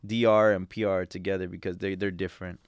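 Brief: male podcast co-host from Los Angeles, lowish voice, slangy and relaxed, dry close mic. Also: quick pace, clear, resonant tone, no room sound. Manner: slangy, says "bro" and "like" constantly. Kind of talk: casual chat.

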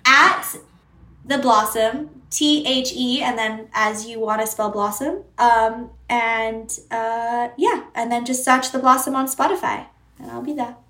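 A woman's voice: on the high side, steady tone, unhurried, pushed and bright. A woman with an Australian accent, a musician guest chatting playfully and laughing easily on a podcast. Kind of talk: casual podcast chat. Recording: roomy echo.

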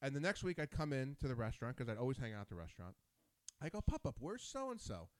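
Male talk-show host, New Jersey native, rapid lively storyteller, dry close sound. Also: mid-range voice, smooth, dry recording. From New Jersey, USA. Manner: animated storyteller, quick and rambling. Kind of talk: casual chat.

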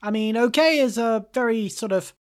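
A woman's voice: fairly high pitch, normal speed, dry recording, studio quality. A woman chatting casually as a player in a tabletop game, hesitant with many fillers.

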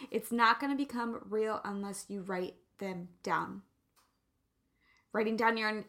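Slow, bright-voiced woman giving pep advice. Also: medium pitch. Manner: playful, slow and emphatic, jokey asides. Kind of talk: casual motivational talk.

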